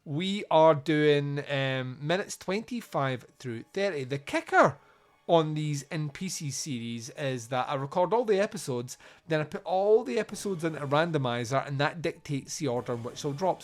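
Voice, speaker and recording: A man's voice: a little high, animated, normal speed. A Scottish man hosting a podcast in loose, jokey chat, rambling and laughing often. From Scotland. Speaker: podcast host.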